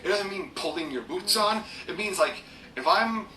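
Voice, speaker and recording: A man's voice: high-pitched, animated, moderate pace, pushed and bright, slight background noise. Rambling man in an echoey room. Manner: rambling, self-deprecating, many fillers. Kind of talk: casual rambling vlog rant. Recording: echoey room, mic at a distance.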